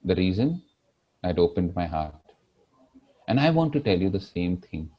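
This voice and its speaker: A man's voice: sits low, very animated, moderate pace, highs cut off. A middle-aged man with an Indian English accent, giving a keynote speech as an earnest, emotional story. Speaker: keynote speaker.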